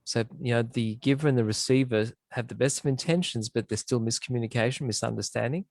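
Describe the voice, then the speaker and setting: Man, class participant, halting delivery, dry close sound, video call. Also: mid-range voice, gravelly, darkish tone, dry recording. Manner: hesitant, halting, telling a joke.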